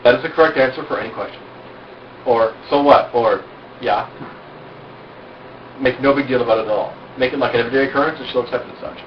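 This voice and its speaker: A man with a mid-range voice races through informal instructions to a small group at an outdoor cookout, bragging openly and confidently and tossing out rhetorical questions. The roomy, distant amateur recording is dull and has a little hiss or hum.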